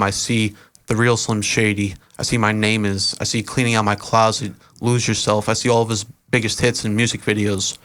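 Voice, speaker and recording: Laid-back young man with a lowish voice. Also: smooth. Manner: relaxed, rambling, many "uh" fillers. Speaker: podcast guest, event organizer and rapper. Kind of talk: casual interview storytelling.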